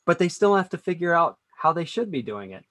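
A man who is a business consultant, a guest in a podcast interview, explaining his points in a steady, instructive way. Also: a little high, a little fast, no echo. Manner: steady, explanatory, draws on teaching music. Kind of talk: conversational interview.

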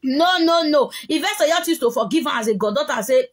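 A woman's voice: high-pitched, lively intonation, brisk. A Nigerian woman ranting heatedly on a live video, scolding and mixing pidgin with a local language, recorded on a phone.

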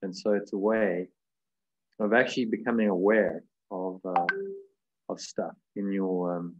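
Meditation teacher, male, lower register, gentle and unhurried, video call. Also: steady tone, muffled recording, slight background noise. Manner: gentle, unhurried, thinking aloud with fillers. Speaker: meditation course leader.

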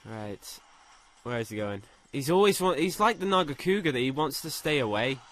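A young man doing let's play commentary, excitable, swearing a lot and shouting when thrilled. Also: medium pitch, normal speed, slight background noise. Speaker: gaming commentator.

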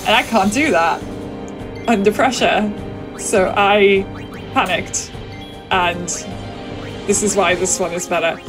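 Sick woman, relaxed live speedrun chat, steady middle pitch, music bed. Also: slow pace, pauses often, low-quality recording. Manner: chatty, laughs often, thinks aloud with many ums. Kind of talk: live commentary on her own speedrun. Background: game music.

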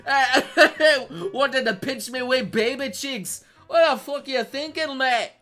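A man's voice: extremely high pitch, slow pace, pushed and bright, faint music behind, pitched above the performer's own voice, exaggerated voice. A man putting on a Scottish accent to voice a crude, rowdy lad reading out chat messages, swearing and laughing through them. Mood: cheeky. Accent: put-on Scottish. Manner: sweary, laughing, exaggerated brogue.

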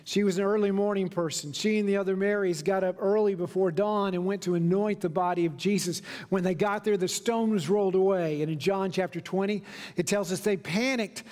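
A man preaching from the pulpit, telling stories and now and then slowing down for emphasis. His voice sits high, and the church hall around him carries a long reverb. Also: darkish tone. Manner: storytelling preacher, slows down for emphasis. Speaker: pastor. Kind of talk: sermon. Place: church sanctuary.

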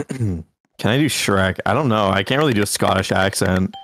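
A man's voice: on the low side, moderate pace, a bit bright. A young man chatting and teasing as co-streamer during a casual game stream. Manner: teasing and playful. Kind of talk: casual gaming chat.

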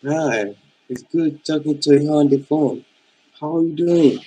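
A man's voice: fairly high pitch, unhurried, warm tone, slightly rough. A man on a casual phone call, hesitant, often calling her baby. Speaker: caller.

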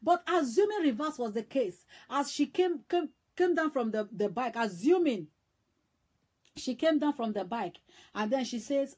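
A woman evangelist preaching a sermon, emphatic and repetitive, swinging between loud and hushed. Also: high-pitched, animated, unhurried, breathy edge.

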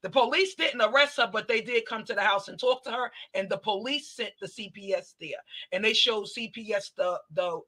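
A woman's voice: mid-range voice, moderate pace, hardly any pauses. A woman host of a commentary channel, retelling events in casual chat and quoting the people involved. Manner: animated retelling, quoting others.

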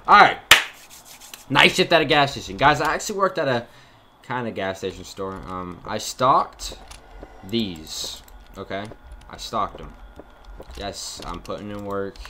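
Low-voiced and expressive, a young gaming YouTuber narrates a horror game at a measured pace, leaving long pauses between his jokes. He talks directly and chattily to viewers from a dark room at home, using a desk mic and face cam against a noisy background.

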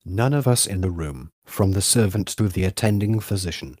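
A man narrating a literary audiobook in a measured, even way. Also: sits low, dry recording, studio quality.

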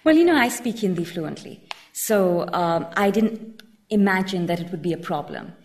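A woman author and journalist speaking in an onstage conversation, lively and expressive with some restarts. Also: on the low side, moderate pace.

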